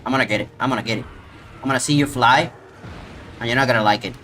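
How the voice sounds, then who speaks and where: A man streaming a video game live, reacting out loud and talking to the monster he fights. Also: medium pitch, fast, faint music behind. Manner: excitable, talks to the monster. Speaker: gaming streamer. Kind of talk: live gameplay commentary.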